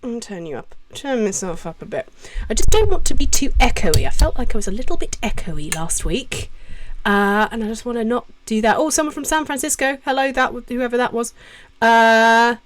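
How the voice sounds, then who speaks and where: A woman's voice: fairly high pitch, animated, fairly quick, a little hiss or hum. Chatty British woman streaming from home. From Britain. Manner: chatty and self-interrupting, reading chat names aloud. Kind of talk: casual live-stream Q&A chat. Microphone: desk mic with adjustable gain.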